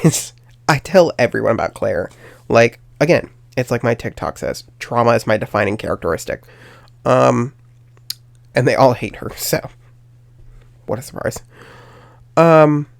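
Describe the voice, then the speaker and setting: This young adult podcaster has a creaky, mid-range voice and a dry recording. He's casually telling his own story, wandering and self-deprecating, with lots of filler words.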